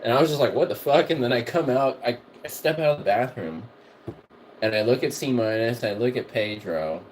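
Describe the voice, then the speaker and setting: In a fairly quick, slightly mellow mid-range voice, a man tells stories on his casual livestream while cooking in his kitchen. He's a music producer and host who rambles, swears, and repeats himself, with slight background noise in the mix.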